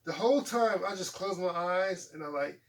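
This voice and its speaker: A man in his forties chats as the host of a casual talk show. His voice sits a little high for a man, and he sounds set back from the microphone. He tells his stories with energy, laughs, and acts out quotes in different voices. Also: normal speed, recorded from a distance. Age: 40s. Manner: animated, laughing storyteller acting out quotes. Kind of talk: casual chat.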